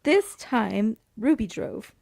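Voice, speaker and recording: A woman narrates a history story on a casual podcast, often breaking into laughter and swearing. Her voice sits a bit high and has a gravelly edge. The sound is dry and close. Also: sing-song, takes it slowly, darkish tone, no echo. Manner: laughs through her lines, frequent swearing.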